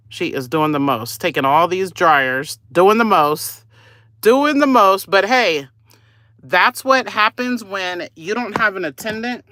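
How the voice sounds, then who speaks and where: A woman's voice: low-pitched, dry recording. Gossipy woman vlogging from a laundromat. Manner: gossipy, nosy running commentary, often hushed. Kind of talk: casual live-stream commentary.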